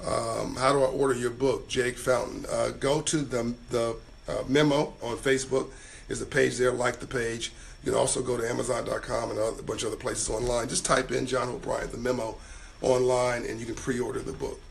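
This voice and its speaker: A man hosting a live stream, hoarse and tired, giving motivational advice and reading out viewer comments in a casual way. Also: medium pitch, little pitch movement, moderate pace, a little hiss or hum. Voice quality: raspy. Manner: motivational, urges viewers to act.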